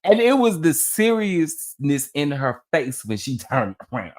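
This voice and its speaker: A man's voice: fairly high pitch, unhurried. A man hosting a casual gossip chat, telling stories to his viewers with lots of laughing and exclaiming. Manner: animated storytelling, laughing and exclaiming. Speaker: host of a gossip chat show.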